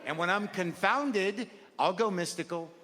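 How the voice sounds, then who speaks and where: A man's voice: high-pitched, a little slow, bright, forceful tone, slight background noise. Neurotic, rambling male stand-up comic. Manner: rambling, neurotic, self-deprecating, profane. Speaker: stand-up comedian. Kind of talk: stand-up comedy set. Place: comedy stage before a live audience, seated. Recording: live hall recording with crowd laughter.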